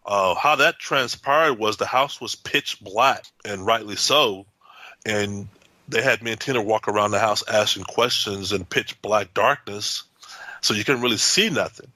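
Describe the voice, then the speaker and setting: A man's voice: lowish voice, measured pace, pushed and bright, no room sound. A man, a house owner being interviewed, telling his story in a rambling way with many restarts and acted-out quotes.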